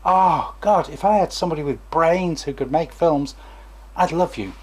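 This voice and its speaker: A man's voice: on the high side, moderate pace, breathy edge. A former stammering therapist, a man, gives a chatty, digressive talk to camera and acts out examples as he goes.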